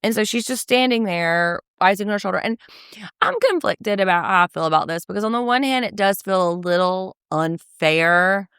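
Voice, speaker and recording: A woman co-hosting a casual recap chat, animated and wry, giving blunt opinions. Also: mid-range voice, moderate pace, clear, resonant tone, no echo, clean studio sound. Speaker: podcast co-host.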